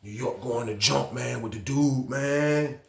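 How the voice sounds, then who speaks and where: A man's voice: medium pitch, unhurried, vocal fry, crowd noise. A man casually telling a prison story to his viewers, with a lot of slang and repeated phrases. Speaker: storytime channel host. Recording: echoey room.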